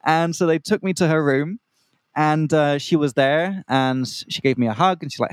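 Quick and fairly high-pitched, this young man from Australia tells a wandering, casual story as co-host of an English-learner podcast. He breaks off to unpack slang and voices the other characters himself, with no room sound.

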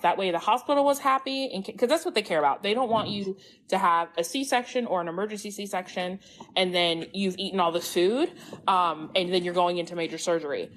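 A young mother joining a casual chat over her phone, earnest and chatty as she explains from experience. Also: lowish voice. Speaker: guest mother. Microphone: phone on a call.

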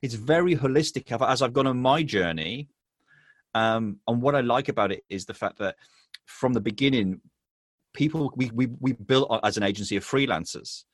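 A man's voice: mid-range voice, no room sound, studio quality. A man from England with an English accent, a business owner talking earnestly as an interview guest, often restarting his sentences. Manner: halting, many restarts and "um"s, earnest. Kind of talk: casual interview chat.

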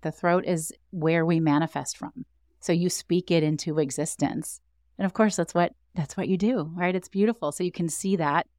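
A woman's voice: low-pitched, a little mellow, no echo, clean studio sound. A woman guest coach on a podcast, explaining with animation and acting out quoted inner voices.

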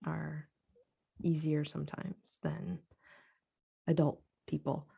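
A woman with a low, gravelly voice chatting as a podcast co-host. She talks loosely and laughs often. She is a homeschooling parent trading stories with her sister. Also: expressive, slow, dark tone. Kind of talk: casual chat.

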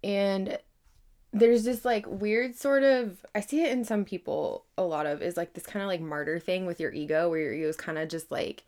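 A woman's voice: lowish voice, moderate pace, darkish tone. A woman hosting a casual solo podcast, rambling and earnest, with lots of filler words and swearing, growing emphatic when she makes a point. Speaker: podcast host.

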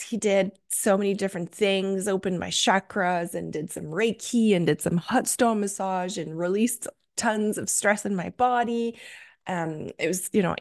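A woman's voice: medium pitch, darkish tone. A young adult woman hosting a solo podcast, telling a story with gushing enthusiasm and many fillers. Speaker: podcast host.

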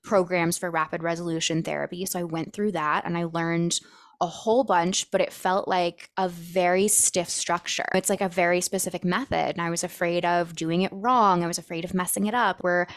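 A woman's voice: fairly low pitch, fairly even intonation, normal speed, no room sound. Woman host with a dry, close sound. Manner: reflective, talks in long flowing runs with frequent "like". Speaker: podcast host. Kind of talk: casual conversation.

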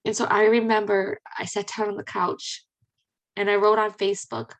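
A woman's voice: a little high, normal speed. Chatty woman telling personal stories. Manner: chatty and animated, with many fillers and excited exclamations. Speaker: podcast host. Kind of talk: personal storytelling.

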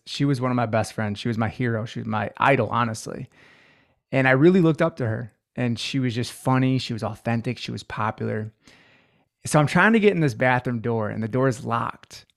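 A man in his twenties, a guest on a podcast, telling his life story in an earnest, reflective way. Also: mid-range voice. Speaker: podcast guest, healing coach. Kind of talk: personal story in an interview.

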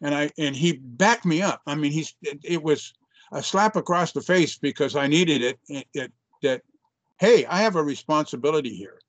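A man's voice: on the high side, moderate pace, dry recording. An older man, a chiropractor, telling a story in an interview in an earnest, reflective way, often restarting his sentences. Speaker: chiropractor guest.

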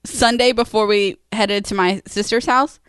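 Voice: mid-range voice, steady tone, normal speed, fairly bright tone, clear, resonant tone, no room sound. A co-host in a casual chat who talks conversationally and asks follow-up questions.

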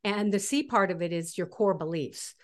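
A woman's voice: on the low side, moderate pace. Woman guest explaining animatedly. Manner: animated, acts out inner voices. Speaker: guest author. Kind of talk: casual interview talk.

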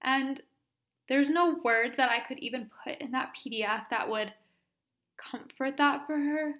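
Woman, podcast host, tearful, sniffling, earnest, soft laughs, somewhat high voice. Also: a little slow. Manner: emotional, earnest, laughs between phrases. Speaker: podcast host and Reiki practitioner. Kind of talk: casual solo podcast storytelling.

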